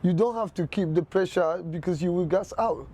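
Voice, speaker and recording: A man with a high but mellow voice talks about his fighter in a documentary interview. His English is non-native and measured, full of filler phrases, and faint ambient noise sits behind him. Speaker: boxing coach.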